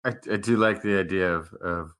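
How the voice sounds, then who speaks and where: A woman's voice: extremely low pitch, moderate pace. A woman co-hosting a casual science podcast, tossing in playful, joking asides. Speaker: podcast co-host.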